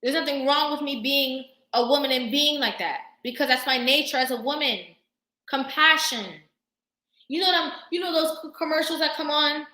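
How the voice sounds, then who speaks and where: A woman vlogger talking casually to camera, sassy and animated, laughing often. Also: high-pitched, moderate pace, reverberant.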